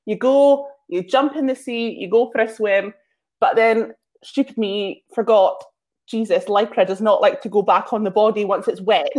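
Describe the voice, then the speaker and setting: A woman's voice: mid-range voice, fairly even intonation, normal speed, a little mellow. A woman guest telling casual, self-mocking anecdotes, full of filler words. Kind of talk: casual storytelling.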